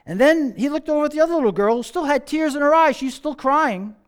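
A man's voice: very high-pitched, animated, fast talker. A man preaching a sermon as pastor, in a conversational way, asking the congregation rhetorical questions and repeating his key phrases.

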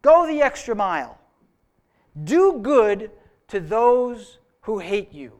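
High-voiced man preaching a slow sermon. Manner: relaxed storytelling with an old joke, speaking to a live congregation. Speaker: pastor.

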